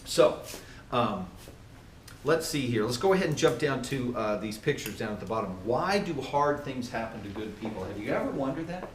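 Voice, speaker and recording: Animated male trainer in an echoey room. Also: mid-range voice, normal speed, recorded from a distance, a little hiss or hum. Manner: animated, asks the audience questions. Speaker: workplace trainer. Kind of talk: motivational training talk.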